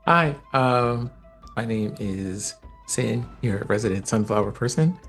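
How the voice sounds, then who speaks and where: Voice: mid-range voice, lively intonation, takes it slowly, a bit bright, faint music behind. Laid-back rambling game player. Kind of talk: casual stream chat.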